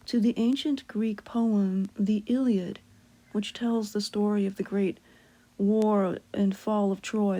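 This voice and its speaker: A woman giving a calm, careful lesson, explaining a Latin hymn step by step. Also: mid-range voice. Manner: slow, careful, measured delivery.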